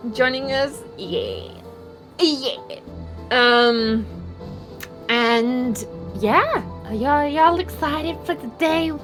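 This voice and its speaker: Woman, game master, casual giggly chat, unhurried delivery, bouncy pitch. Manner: giggly, laughs often while talking.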